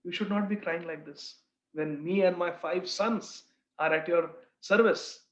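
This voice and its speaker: A man doing a gentle, reassuring mother. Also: high voice, a little slow. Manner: soothing, confident. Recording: roomy, slightly dull recording.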